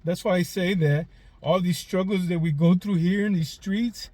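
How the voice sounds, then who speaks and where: His voice is high-pitched and a little mellow, with fairly even intonation, a moderate pace and no room sound. The forties-aged vlog host sits in a parked car making a raw confession, cursing freely, tearful and choked up.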